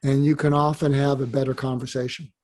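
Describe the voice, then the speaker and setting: A man, a psychiatrist guest on an interview, giving advice in animated storytelling that acts out dialogue. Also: medium pitch, brisk.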